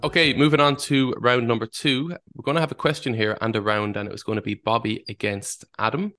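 A man's voice: medium pitch, fairly even intonation, brisk, bright, forceful tone, faint music behind. A man hosting a casual football quiz podcast, reading out clues and laughing easily. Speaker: quiz host.

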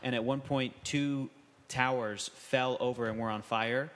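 A man's voice: mid-range voice, fairly even intonation, a little slow, big-room sound, background noise. A man co-hosting a casual film discussion, chatty, with many fillers. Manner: chatty, many fillers, quotes scenes in character voices. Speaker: podcast co-host.

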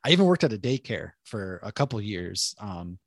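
A thirties man with a Boston accent, from the Boston area, USA, speaks in a lowish, sing-song voice at a moderate pace. He's a military service member guesting on a podcast, telling his story in loose, profane, casual chat and laughing often. The recording is dry and studio quality.

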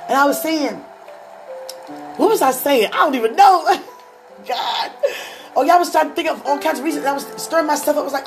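A woman giving a spiritual testimony to an online audience, telling her story excitedly and acting out her own thoughts. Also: high-pitched, normal speed, music in the background. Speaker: speaker sharing a faith testimony.

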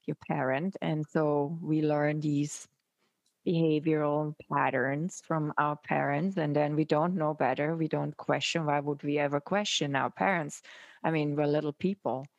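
Female podcast host, lower pitch, dry sound, thoughtful talker. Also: fairly even intonation, a little slow, no echo, highs cut off. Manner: thoughtful, laughs often, many fillers. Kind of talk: casual reflective chat.

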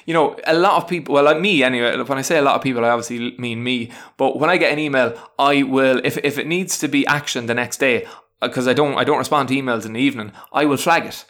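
A man of ordinary middle pitch talks through his everyday habits in a loose, chatty monologue. He stumbles, repeats himself and circles back often, and stays frank and self-deprecating throughout. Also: fast, fairly bright tone. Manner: rambling, many restarts and fillers. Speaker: teacher sharing self-help tips. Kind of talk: casual spoken advice monologue.

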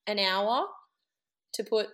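An Australian woman, a band member guest, chatting in a relaxed, giggly way. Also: mid-range voice, slow. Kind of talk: casual chat.

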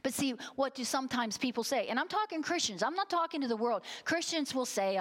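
A woman's voice: high-pitched, expressive, a little fast, hardly any pauses. A middle-aged woman preaching a sermon, telling a story with emphatic, heartfelt delivery and getting choked up at times. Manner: storytelling, emphatic, gets emotional.

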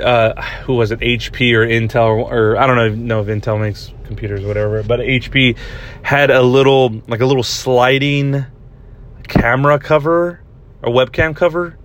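A man's voice: mid-range voice, steady tone, moderate pace, a little hiss or hum. A young man hosting a podcast, telling a story in a casual, rambling way, swearing often and restarting his sentences. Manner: rambling and profane, many restarts. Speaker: podcast host. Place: parked vehicle.

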